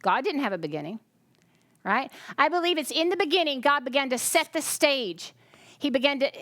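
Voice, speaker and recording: A woman's voice: sits high, fairly bright tone, dry recording. A tired woman preaching a chatty sermon, often breaking off to ask the congregation questions. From United States. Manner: chatty, self-interrupting, asks the congregation questions. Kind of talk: conversational sermon.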